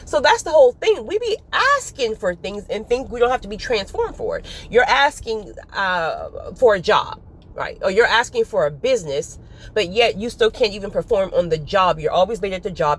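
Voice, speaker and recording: A woman giving a casual spiritual talk to her viewers, animated and often breaking into laughter. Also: medium pitch, moderate pace. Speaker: faith vlogger.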